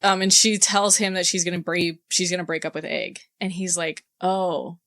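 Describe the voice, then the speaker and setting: A woman's voice: on the low side, fairly even intonation, fairly quick, a bit bright. A woman on a casual book club podcast who corrects plot details and quotes characters at length.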